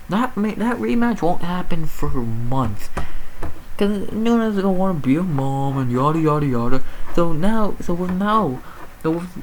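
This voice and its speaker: A woman with a deep voice vents about a shocking fight, pacing her words slowly as her pitch leaps and drops. Her tone is exasperated and profane, and a faint background noise sits under the recording. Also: rough recording. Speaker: MMA commentator. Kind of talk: sports recap rant.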